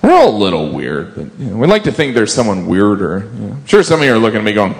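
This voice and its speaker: A man's voice: on the low side, big pitch swings, fast talker, vocal fry. A man doing observational stand-up, playful and wry, often slipping into goofy voices. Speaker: stand-up comedian. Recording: live show with crowd and noise.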